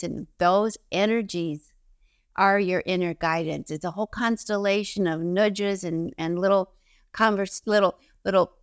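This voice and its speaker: A woman's voice: medium pitch, normal speed, clean tone, no echo, clean studio sound. A woman giving an instructional self-help talk to camera, emphatic, repeating key phrases and giving direct instructions. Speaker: intuition teacher.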